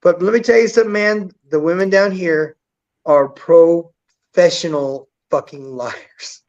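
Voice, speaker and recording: A man telling a story in a casual, crude, blunt way, full of swearing and lively acted-out quotes. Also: a little high, unhurried. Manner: profane, blunt, animated, acts out quotes. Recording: dull lo-fi sound.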